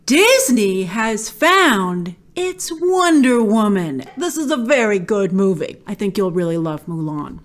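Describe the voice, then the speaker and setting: A woman film critic gives movie review commentary, swinging from gushing and emphatic to flatly dismissive. Her voice is medium in pitch, unhurried, with few pauses.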